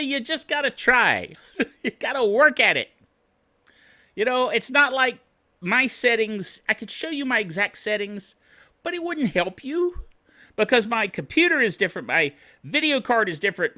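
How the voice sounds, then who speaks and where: A man's voice: extremely high pitch, bright, forceful tone. A man hosting a tech tips show, griping like a self-styled curmudgeon, chuckling often and checking in with "okay?". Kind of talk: tech tips talk to camera.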